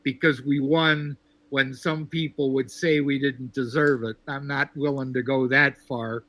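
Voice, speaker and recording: A man from Texas calling into a sports show, talking in a measured, wry way with lots of fillers. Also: mid-range voice, level tone, fairly bright tone. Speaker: caller. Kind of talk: casual sports call-in chat.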